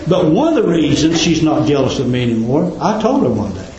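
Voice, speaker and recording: Fervent preacher in an echoey hall. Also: male voice, big pitch swings, fairly quick, lo-fi sound, crowd noise. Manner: fervent, rising to high emphatic peaks and dropping to low quiet endings. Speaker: pastor. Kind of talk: sermon. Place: church.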